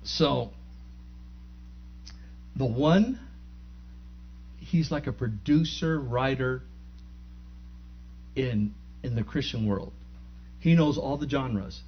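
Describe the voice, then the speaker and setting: Older male preacher, animated storyteller. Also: mid-range voice, highs cut off. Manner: animated, builds to loud excited bursts; halting restarts while telling a story. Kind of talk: storytelling sermon.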